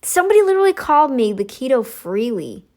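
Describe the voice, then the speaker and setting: A woman's voice: sing-song, fast talker, a little mellow. A middle-aged woman hosting a commentary channel, talking in a sassy, scolding monologue aimed at her critics. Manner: sassy, scolding, mocks others in high voices.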